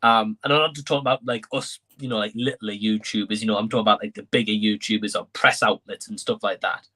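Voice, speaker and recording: A man's voice: on the low side, fairly even intonation, fast talker, bright, forceful tone. A man co-hosting an entertainment live stream, talking in a conversational way and thinking aloud as he goes. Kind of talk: casual chat.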